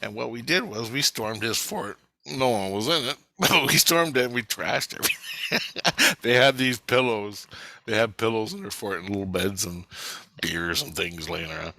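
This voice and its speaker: A man's voice: fairly low pitch, moderate pace, creaky, sharp tone, no echo. A middle-aged man telling a rambling, profane story from his childhood in a casual spoken way.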